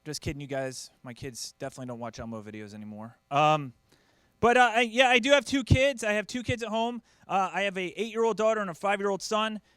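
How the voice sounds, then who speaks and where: Comedian, male, 30s: high-pitched, self-deprecating stand-up, dry close mic. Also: fairly bright tone, clean tone, dry recording. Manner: self-deprecating, acts out quoted voices.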